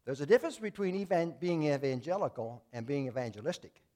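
A man preaching as a Baptist pastor, folksy and plain-spoken, swinging between loud emphatic lines and quiet asides. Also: fairly high pitch, lively intonation, fast talker. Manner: folksy, telling jokes and acting out voices. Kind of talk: sermon.

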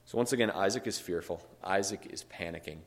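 A man's voice: sits low, a little fast. A man leading a Bible study in a conversational teaching style, reading scripture aloud and explaining it with emphatic asides.

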